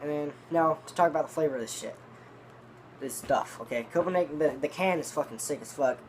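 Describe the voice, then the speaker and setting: A man's voice: on the high side, brisk, a little hiss or hum. A man telling a long, rambling story in casual, profanity-laden talk, reviewing dip tobacco. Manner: rambling, profane, restarts often.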